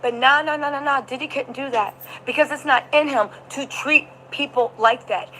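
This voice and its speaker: Emphatic woman streamer, bright high voice, faint hum behind. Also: poor audio. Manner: animated, emphatic, talks to chat. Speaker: vlogger recapping a trial. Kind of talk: livestream commentary.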